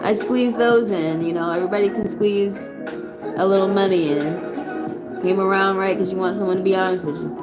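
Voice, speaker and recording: A woman's voice: medium pitch, steady tone, normal speed, loud music behind the voice. A woman with a Southern accent giving casual livestream tarot readings, chatty and loose, swearing now and then. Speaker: tarot reader.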